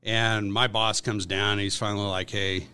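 A man as a podcast guest, telling a workplace story in a casual, animated way with lots of fillers. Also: fairly low pitch, normal speed, smooth. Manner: animated storyteller, acts out quotes, many fillers.

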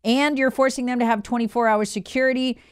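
A woman's voice: fairly high pitch, steady tone, quick pace, clean tone. A woman talk radio host delivering a heated, scornful monologue and mockingly imitating people. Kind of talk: opinionated talk show monologue.

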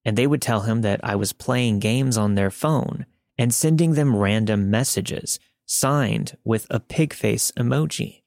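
Man, narrator, scripted true-story reading, steady delivery, mid-pitched voice, dry close mic. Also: no room sound. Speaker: podcast narrator.

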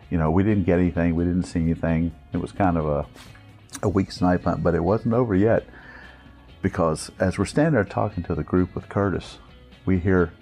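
A man telling a funny scouting story, animated and chuckling, acting out other people in high-pitched voices. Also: gravelly. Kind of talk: storytelling anecdote.

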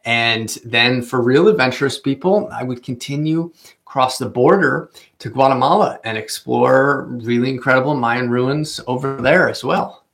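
Gravelly-voiced man giving chatty travel tips. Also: mid-range voice, normal speed, fairly bright tone. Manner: chatty, with fillers, careful over Spanish names. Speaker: travel vlogger. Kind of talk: casual travel guide talk.

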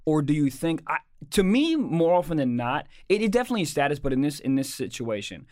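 A young man in casual podcast chat, excitedly telling a story and peppering it with "dude" and "like". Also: a little high, fast, no echo, clean studio sound. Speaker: podcast co-host.

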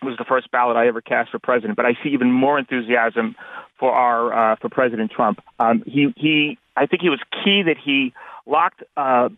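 A man's voice: medium pitch, brisk, dry recording. A man in his fifties from New York calling in to a radio show, earnest and formal, hesitating with many fillers. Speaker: caller. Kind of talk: phone-in caller. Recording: tinny phone line.

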